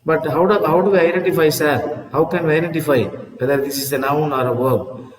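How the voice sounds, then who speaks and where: A man's voice: on the high side, fairly even intonation, fairly quick, roomy sound, big-room sound, distant mic, poor audio. A man teaching an English lesson, repeating words aloud and checking in with "see?" as he explains. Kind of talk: classroom lesson on word stress.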